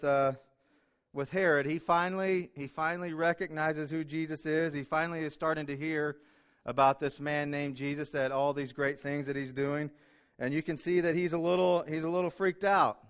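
A man's voice: fairly high pitch, fairly even intonation, moderate pace, clear, resonant tone. A man preaching in church, chatty and openly emotional, with frequent "uh" fillers, joking about himself. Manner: emotional, chatty, self-deprecating, many fillers. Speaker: guest preacher. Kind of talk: sermon. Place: church sanctuary.

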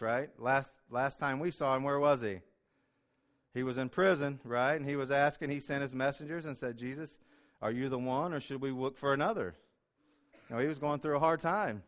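In a church sanctuary, a guest preacher delivers a sermon that is chatty and openly emotional, full of "uh" fillers and jokes at his own expense. His mid-range voice is brisk and a bit bright.

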